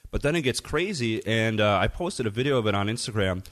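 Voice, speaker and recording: A brisk, lowish male voice: a middle-aged DJ on a podcast rattling through an extended anecdote in relaxed conversation. The language is freely profane. He acts out the quoted dialogue with plenty of animation.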